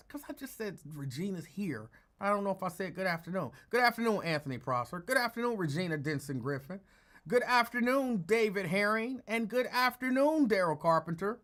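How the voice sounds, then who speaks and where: A man's voice: high voice, a bit bright. A man hosting a casual live call-in stream, greeting viewers by name in a rambling, self-correcting way that sometimes drops to a mutter. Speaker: host of a live call-in show.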